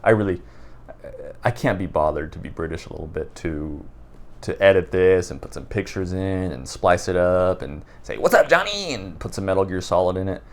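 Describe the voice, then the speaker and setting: A man talking off the top of his head in an unedited video, rambling and halting with many restarts. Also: low-pitched, steady tone, a little mellow. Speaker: book vlogger. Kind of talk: unscripted casual talk to camera. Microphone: raw unedited recording.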